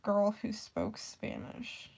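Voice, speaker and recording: A teenage girl in high school, telling a rambling story about her teacher, full of "like" fillers, swearing and quoted voices. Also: slow, creaky, husky. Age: teens. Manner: rambling, heavy "like" filler, swearing, animated quoting. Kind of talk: casual storytime rant.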